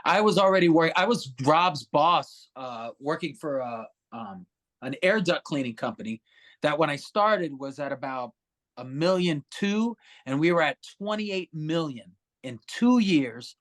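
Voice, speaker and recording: A man guest on a podcast, telling stories in a casual, animated way, swearing freely and acting out other people's voices. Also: fairly high pitch, unhurried. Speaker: musician guest.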